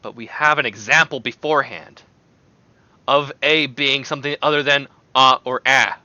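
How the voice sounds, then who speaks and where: A man streaming and chatting casually, in an animated, rambling way that often breaks into exclamations. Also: mid-range voice, moderate pace, no room sound, dull audio.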